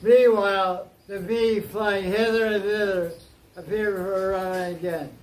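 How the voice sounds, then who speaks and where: High-voiced slow storytelling teacher. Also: male voice, fairly even intonation, echoey room, poor audio. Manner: storytelling, playful asides. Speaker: spiritual teacher. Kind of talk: informal scripture class.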